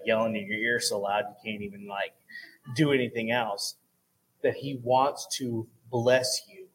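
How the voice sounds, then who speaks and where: A man's voice: mid-range voice, low-quality recording. A man pastoring a church service, talking casually and earnestly about giving, with frequent "okay" and "all right" check-ins. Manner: casual, earnest, chatty with fillers. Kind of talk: church offering talk.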